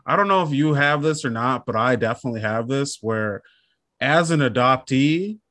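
A man's voice: medium pitch, animated, moderate pace, pushed and bright. A man chatting casually on a podcast, rambling and self-deprecating as he tells a comic story. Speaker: podcast co-host. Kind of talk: casual comedic chat.

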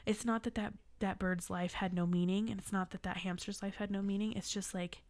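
एक भावुक युवा महिला, सूखी आवाज़ में कहानी सुनाती हुई. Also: female voice, mid-range voice, fairly even intonation, brisk, a little mellow, dry recording. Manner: emotional, near tears, swearing casually. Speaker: podcast co-host. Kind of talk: casual chat.

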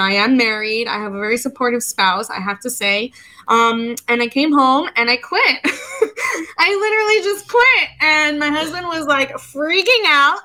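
A woman in her thirties from the United States talks as a guest in a relaxed interview. Her voice sits a little high and comes across bright and forceful. She tells her story with lively energy and often acts out her own earlier words. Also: low-quality recording. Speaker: podcast guest, legal educator. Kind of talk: casual interview conversation.

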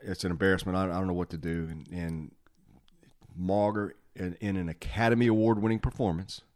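Deep-voiced man telling stories. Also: fairly quick. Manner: animated, acts out quotes, laughs often. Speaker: podcast host, former fire officer. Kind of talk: casual storytelling chat.

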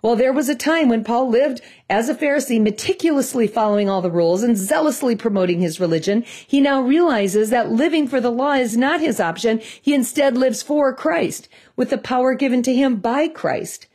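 A woman's voice: a little high, normal speed, hardly any pauses, darkish tone. A woman from Minnesota with a Midwestern accent, telling a devotional story in an earnest, conversational way. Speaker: devotional host.

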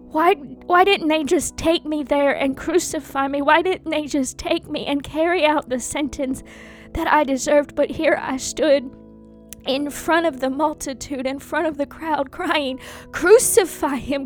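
A woman speaks in a high voice, slowly and with heavy pauses. She delivers a first-person dramatic monologue, anguished and intense, repeating phrases as she goes. Faint music plays quietly behind her. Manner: slow, anguished and intense, with many pauses and repetitions.

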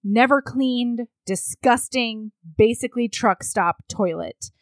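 A woman co-hosting a casual chat, recapping a book in a blunt, crude and animated way. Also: fairly high pitch, slow pace, dry recording.

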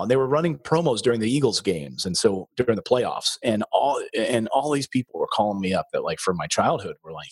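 A man's voice: lowish voice, a little fast, husky, no echo. A middle-aged man from the Philadelphia area, a former TV news anchor, animatedly telling his career story as an interview guest. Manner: animated storyteller, acts out quoted voices. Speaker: guest, former TV news anchor turned real estate investor.

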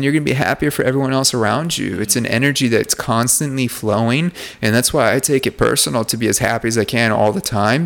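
A man's voice: mid-range voice, fairly bright tone. A man in casual conversation, earnestly telling personal stories and acting out the dialogue. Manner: earnest and outgoing, acts out quoted dialogue. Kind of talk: casual chat, personal storytelling.

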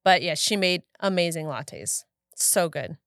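Here a podcast co-host in her thirties chats casually, a storyteller who keeps quoting herself and laughing frequently. Her fairly low, slightly bright voice moves a little slowly, and the clean studio recording has no echo.

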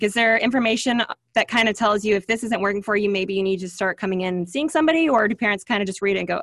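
A woman's voice: medium pitch, fast talker, few pauses, fairly bright tone, dry recording, clean studio sound. A middle-aged woman hosting a podcast, affirming her guest and asking questions about parenting. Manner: encouraging, affirming, frequent back-channel. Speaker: podcast host. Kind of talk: podcast interview.

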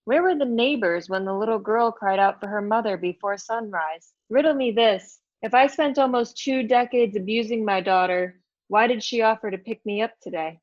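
A woman's voice: on the high side, moderate pace, no room sound, lo-fi sound, lightly acted. A woman reading her own novel aloud as a defiant, sarcastic woman in her fifties just out of prison, with a flip, cheeky manner. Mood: mocking.

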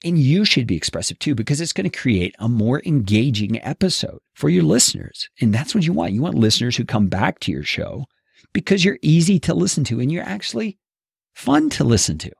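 Expressive male course instructor, husky and gravelly, close dry studio sound. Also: mid-range voice, brisk, no echo. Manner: expressive, animated delivery. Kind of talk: instructional podcast teaching. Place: home studio, seated at a table. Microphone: studio mic on boom arm, close.

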